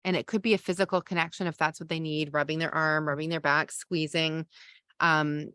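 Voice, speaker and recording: Lower-voiced woman coaching parents. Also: level tone, a little fast, sharp tone, smooth, no room sound, clean studio sound. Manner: conversational, explains with everyday examples, many fillers. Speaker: parenting coach and podcast host. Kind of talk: teaching masterclass talk.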